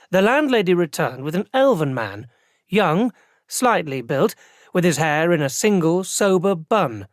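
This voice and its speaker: A man's voice: high-pitched, sing-song, measured pace, no room sound. Male audiobook narrator, dry close sound. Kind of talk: scripted first-person narration.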